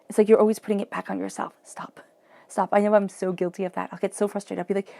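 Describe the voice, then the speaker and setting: A woman's voice: mid-range voice, level tone, quick pace, vocal fry, mellow, no echo. A woman giving a flowing, encouraging tarot reading, often acting out quoted self-talk. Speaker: tarot reader.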